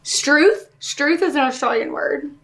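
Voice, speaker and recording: A woman's voice: high voice, measured pace, fairly bright tone. A woman chatting as a guest on a comedy show, teasing and giggly. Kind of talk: casual comedic chat.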